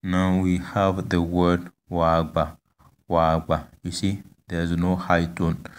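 Slow, deep-voiced man teaching a lesson. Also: monotone, darkish tone. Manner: patient, repeats each word slowly, frequent hesitations. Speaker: language teacher. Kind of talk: slow spoken language lesson.

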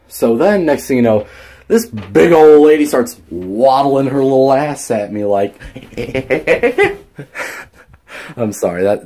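A man's voice: medium pitch, darkish tone. A young man telling a story in a casual vlog, rambling with many fillers and restarts and swearing freely. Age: young adult. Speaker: vlogger.

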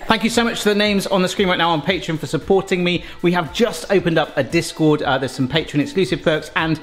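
A man's voice: fairly high pitch, quick pace, soft background music. A British man hosting a casual cooking vlog, chatty and enthusiastic, exclaiming as he tastes. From Britain. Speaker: cooking vlogger.

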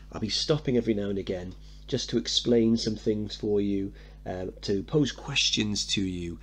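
Male teacher, deep voice, explaining a play, asking guiding questions. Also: fairly bright tone, breathy edge. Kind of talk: play reading and analysis.

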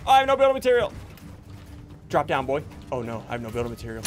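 A young man giving jokey, excitable commentary while playing a video game. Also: fairly high pitch. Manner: excitable, jokey, yelps and laughs mid-play. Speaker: gaming channel host. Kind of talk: live gameplay commentary.

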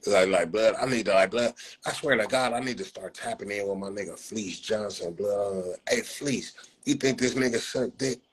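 A man's voice: lowish voice, moderate pace, hardly any pauses, slightly rough, low-quality recording. A man hosting a livestream, ranting and roasting people in a profane, mocking way. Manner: profane, mocking, repeats "blood" as a filler. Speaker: livestream host. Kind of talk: casual roast rant on a livestream. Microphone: phone livestream mic.

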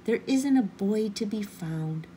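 A woman's voice: medium pitch, expressive, a little slow, mellow, a little hiss or hum, lightly acted. A woman voicing an eager, polite little male puppy in a storybook reading. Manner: hopeful, polite, chatty.

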